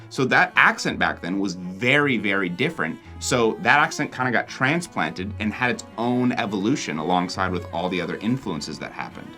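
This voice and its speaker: A young American man narrates his travel vlog in a chatty way, his pitch rising and falling a lot. A faint music bed plays underneath. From Oregon, USA. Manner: animated, chatty. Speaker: vlogger host.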